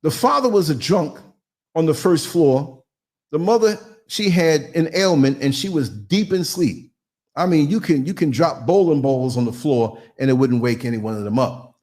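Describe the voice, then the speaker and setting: A man hosting a live podcast, telling a story in an animated, theatrical way and acting out voices and sounds. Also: a little high, normal speed. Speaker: podcast host.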